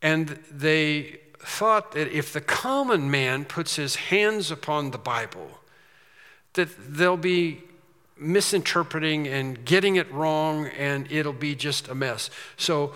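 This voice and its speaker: A man preaching a sermon, slow and emphatic with quicker asides. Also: on the high side, sharp tone, big-room sound.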